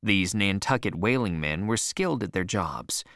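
Brief: male audiobook narrator, low voice, lively melody, dry close sound. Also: normal speed, no echo. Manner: expressive storytelling.

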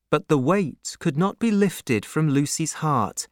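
A male audiobook narrator who tells the story slowly, with a lively, expressive rise and fall in pitch. The sound is close and dry, with no room around it. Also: no echo.

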